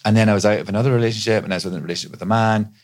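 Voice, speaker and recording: A man's voice: fairly low pitch, fairly even intonation, rapid-fire. A middle-aged man from Scotland, a guest actor telling stories in a chatty, rambling way with many restarts. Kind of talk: casual chat.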